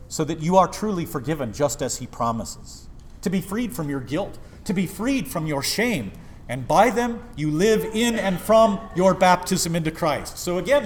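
A man's voice: fairly high pitch, slight background noise. A man preaching an impassioned sermon as pastor, with sudden swells in volume.

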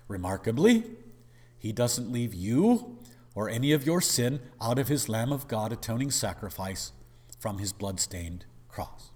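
A man's voice: lowish voice, darkish tone, slightly rough, in a large hall. Emphatic male pastor preaching. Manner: emphatic, dramatic, uses rhetorical questions. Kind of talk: sermon.

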